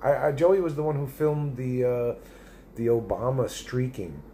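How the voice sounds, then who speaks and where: A middle-aged man with a mid-range, dark-toned voice talks unhurriedly on a live stream, reading viewer comments aloud in casual chat. He rambles and swears, restarting often. There's slight background noise.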